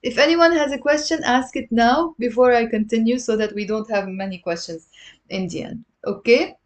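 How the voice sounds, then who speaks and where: An online Arabic teacher with a fairly high voice and moderate pace gives a live-streamed lesson to her webcam. She explains step by step, drills pronunciation, and answers viewer questions.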